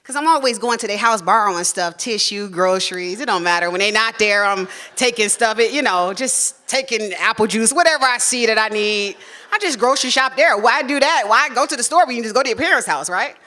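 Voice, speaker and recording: A woman telling a personal story on stage, frank and salty, acting out family members' voices in animated bursts. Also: fairly high pitch, a little fast. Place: stage at a live storytelling show.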